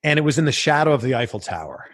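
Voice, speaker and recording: Guest interviewer, man, 30s, animated storyteller, lively pitch. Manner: animated, quick anecdotes with acted quotes. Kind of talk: casual storytelling chat.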